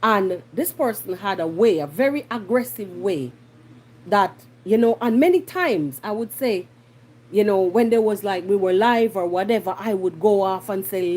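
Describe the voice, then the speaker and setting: A Jamaican woman hosting a podcast, giving blunt, animated commentary and slipping into patois. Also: mid-range voice, normal speed. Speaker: podcast host. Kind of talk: casual commentary monologue.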